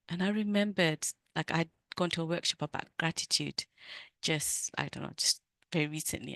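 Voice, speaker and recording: A middle-aged woman coach giving an earnest, emotional personal talk to other women, with halting restarts. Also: deep voice, dry recording.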